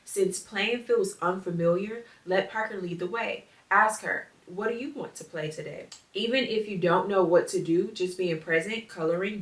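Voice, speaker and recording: A woman hosting a podcast, reading aloud and reflecting on parenting in an earnest, heartfelt way, her phrase ends often trailing off softly. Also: lowish voice, recorded from a distance. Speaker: podcast host. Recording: roomy echo, mic set back.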